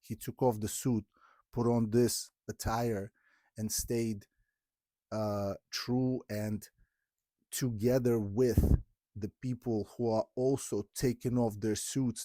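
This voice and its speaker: A man's voice: medium pitch, warm tone, no echo, clean studio sound. A man from Ukraine, hosting a podcast and speaking earnestly and from the heart, often breaking off and restarting. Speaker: podcast host. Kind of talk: candid podcast conversation.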